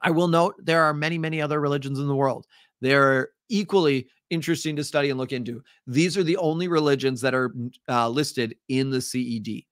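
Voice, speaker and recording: A man's voice: medium pitch, fairly quick, fairly bright tone, no room sound, clean studio sound. A man with a Midwestern accent, teaching an upbeat, chatty live-stream review lesson with frequent ums. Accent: Midwestern American.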